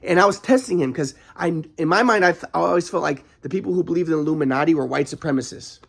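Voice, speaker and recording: A man talking in a casual monologue, rambling with frequent restarts and halting stops, at times flaring into anger. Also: a little high, creaky, breathy edge. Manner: flares into anger.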